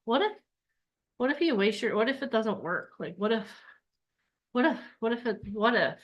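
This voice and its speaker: A woman's voice: a little high, lively intonation, moderate pace, highs cut off. A woman coaching an online bootcamp, talking in an upbeat, chatty way and acting out the voices of people's inner thoughts. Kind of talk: live online workshop talk.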